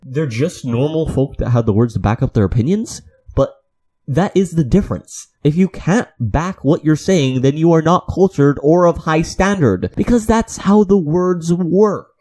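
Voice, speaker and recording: A man's voice: fairly high pitch, expressive, normal speed, warm tone. A man giving an unscripted commentary rant, indignant and exasperated, often repeating himself for emphasis. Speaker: anime video commentator.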